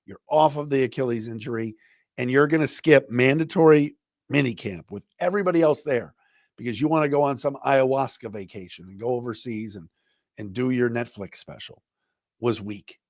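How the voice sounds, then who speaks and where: A man's voice: mid-range voice, moderate pace, no room sound, clean studio sound. A middle-aged man hosting a sports talk podcast, giving opinionated, conversational commentary and acting out quotes as he goes. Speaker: podcast host.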